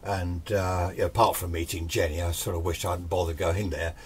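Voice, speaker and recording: Older male storyteller, husky and low, loose rambling delivery. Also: fairly even intonation, fairly quick. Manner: rambling, chatty, self-deprecating. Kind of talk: casual spoken ghost story.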